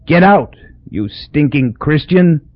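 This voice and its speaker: A man voicing a dying old male island dictator who gasps and croaks out slow, commanding words. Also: mid-range voice, expressive, dry recording. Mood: sneering. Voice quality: gasping, croaking. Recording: dull dry lo-fi recording.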